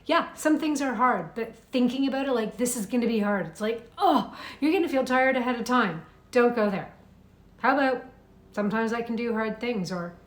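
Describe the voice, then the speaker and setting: A young adult woman giving a lively, conversational coaching talk, acting out inner thoughts as she goes. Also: mid-range voice. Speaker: mindset coach. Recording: roomy echo.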